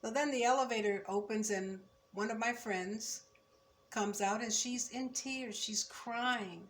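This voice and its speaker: A woman's voice: fairly high pitch, slight background noise. Reflective older woman telling her story. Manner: measured, reflective, firm when recalling injustice. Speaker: former student recounting memories. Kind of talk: oral history storytelling.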